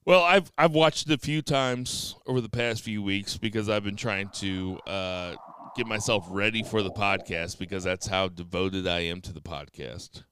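A man's voice: fairly low pitch, normal speed, a bit bright, a little hiss or hum. A man hosting a casual podcast, chatting and joking with his co-hosts. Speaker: podcast host.

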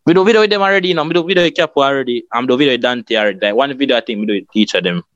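Fast-talking Jamaican man, dull dry sound. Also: mid-range voice, no echo. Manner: quick, relaxed patois talk. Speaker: guest skit creator. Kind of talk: casual interview chat.

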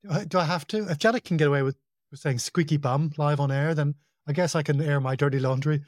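A man talking casually as a podcast guest, telling work stories in a relaxed, self-deprecating way. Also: fairly high pitch, quick pace, dry recording, studio quality. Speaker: podcast guest, project implementation consultant. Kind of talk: casual conversational interview.

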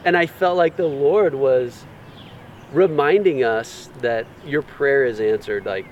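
A man earnestly sharing a personal faith testimony in a reflective, soft-spoken way. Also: mid-range voice, slow pace, distant mic, a little hiss or hum.

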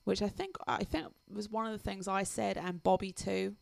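English woman, podcast co-host, giggly, gravelly edge, dry mic. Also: mid-range voice, steady tone, normal speed, no room sound. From England. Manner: giggly, laughs often between lines. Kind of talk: casual chat, reading a listener email aloud.

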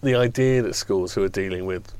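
A man's voice: sits low, brisk, a little mellow, smooth. A man on a news podcast panel, giving wry, sardonic commentary in casual discussion. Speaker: education journalist on panel.

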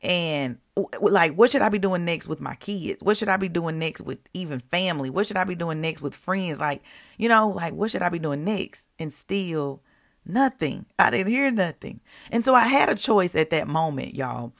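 A woman hosting a devotional podcast, talking conversationally to her listeners and reading scripture slowly and deliberately. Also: fairly low pitch, lively intonation, creaky.

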